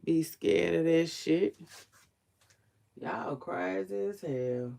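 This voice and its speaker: A woman's voice: expressive, very slow, creaky, mellow. A woman in her forties with a smoky voice, chatting casually and sleepily to her viewers in a laid-back, slangy way. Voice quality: smoky low voice. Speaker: online commentator. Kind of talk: casual livestream chat to viewers.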